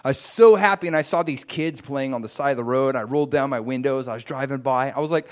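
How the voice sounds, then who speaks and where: Male preacher, testimony-style sermon; lively storyteller, spikes high when excited. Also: quick pace, few pauses. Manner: animated storytelling with sudden high excited bursts.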